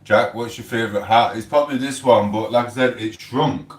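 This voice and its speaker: At medium pitch and a brisk pace, a middle-aged man from England hosts a casual livestream at home, drifting between topics while eating and reading the chat aloud. He's recorded from a distance, so the sound is roomy.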